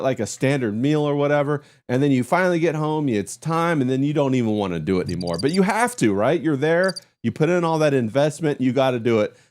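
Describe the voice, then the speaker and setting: An American man hosting a podcast with brash, crude casual banter. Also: a little high. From United States. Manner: brash, says "bro" and "you know" a lot. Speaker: podcast host.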